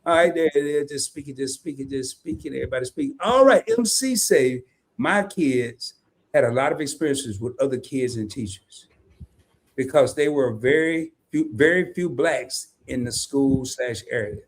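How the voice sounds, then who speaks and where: A middle-aged man with a Southern US accent, co-hosting a casual live stream, folksy and animated, reading viewer comments aloud. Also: medium pitch, moderate pace. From American South. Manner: animated, folksy, laughs often, reads chat comments aloud.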